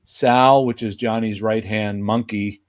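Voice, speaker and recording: A man's voice: on the low side, measured pace. A man, a guest puppeteer, telling a casual anecdote and acting out the people he quotes. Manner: animated, acts out quoted voices.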